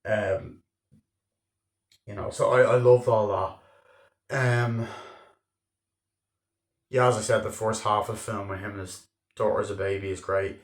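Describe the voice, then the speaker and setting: Low-voiced man reviewing a film casually. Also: little pitch movement, measured pace, long pauses. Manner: loose and chatty, heavy on filler words, swears freely. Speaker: movie reviewer. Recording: echoey room.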